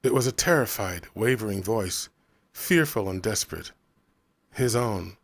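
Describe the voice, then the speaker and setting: Low-voiced man narrating a novel. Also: dry recording. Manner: measured, even storytelling. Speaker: audiobook narrator.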